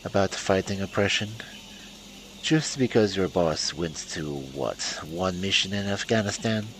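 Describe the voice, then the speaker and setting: A man putting on a mocking woman's voice with a mellow Polish lilt in a story game. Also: sits low, expressive, a little slow, slight background noise, full character voice, rough recording.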